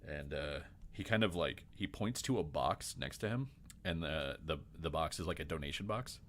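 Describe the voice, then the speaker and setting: Deep-voiced man running a tabletop game. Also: lively intonation, fairly bright tone, a little hiss or hum. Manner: rambling, halting narration with many fillers. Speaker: game master.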